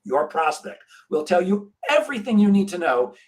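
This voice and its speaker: A middle-aged man tells a story with energy and acts out each voice. His pitch sits a little high for a man. He is a sales trainer talking as a guest on a podcast. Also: moderate pace, low-quality recording. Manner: animated storyteller, acts out dialogue.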